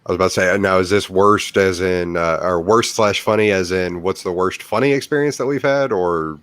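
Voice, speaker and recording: A man's voice: low voice, moderate pace, fairly bright tone, no room sound. A man in his thirties chatting casually on a panel, hesitant with many fillers. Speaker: panel guest. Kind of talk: casual chat.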